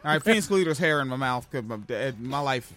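A man's voice: medium pitch, animated, quick pace, music in the background. A male co-host giving casual reaction commentary, sarcastic and joking, with a lot of swearing.

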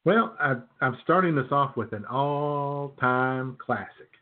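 A man's voice: mid-range voice, slow pace. Sardonic man on a thin phone-like line. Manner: chuckling, filler-heavy, sardonic. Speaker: podcast co-host. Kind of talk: casual chat. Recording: phone-like narrow band.

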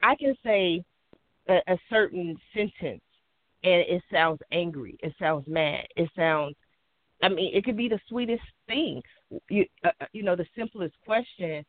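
A woman co-hosting a radio talk show in casual, animated conversation, laughing often and jumping in to clarify. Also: on the low side, measured pace. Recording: tinny phone-like, dry.

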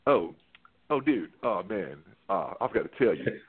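A man's voice: on the low side, big pitch swings, measured pace, a crowd in the background. A man voicing a laid-back young male surfer-dude teammate who drawls offhandedly and stretches out each "dude.". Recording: tinny phone line.

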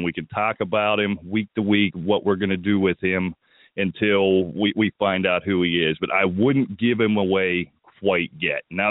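A low-voiced man hosts a fantasy football radio show. He sounds like he still has his morning voice and gives opinionated, thinking-aloud advice. The recording is dry and tinny, like it came through a phone line. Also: no echo. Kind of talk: casual sports analysis talk radio.

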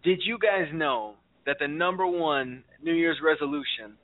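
A chatty, upbeat man hosts a casual talk show in a slightly high voice. His sound is dry and close, squeezed through a tinny, phone-like line. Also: animated, normal speed, no room sound. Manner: chatty, upbeat, many fillers and restarts. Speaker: show host.

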